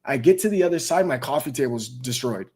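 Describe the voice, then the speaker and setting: A man's voice: mid-range voice, animated, fairly quick, warm tone, husky. A man hosting a live audio chat, telling a story in casual, profane slang and calling his listeners bro and dog. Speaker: host of a live audio space.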